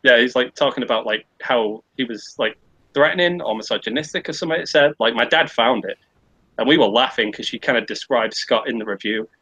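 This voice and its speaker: A man's voice: medium pitch, brisk, sharp tone, slightly rough, no room sound, highs cut off. A man casually telling a rambling, sweary pub anecdote on a podcast. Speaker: podcast co-host. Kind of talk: casual storytelling chat.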